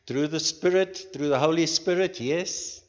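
A man leading a church group, giving an informal sermon in a slow, earnest way and putting questions to the listeners. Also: on the high side. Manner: slow, earnest, pauses between phrases. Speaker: leader of a church group meeting. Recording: dull recording with long hall reverb.

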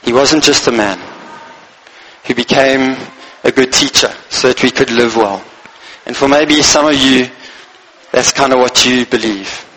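A man's voice: medium pitch, measured pace, a bit bright, low-quality recording. A man preaching a Christmas sermon as pastor, speaking earnestly in short phrases and reading scripture aloud.

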